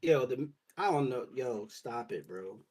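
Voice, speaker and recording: A man's voice: mid-range voice, expressive, measured pace, darkish tone, slightly rough. A man chatting casually on a stream, reacting with short slangy remarks. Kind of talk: casual chat.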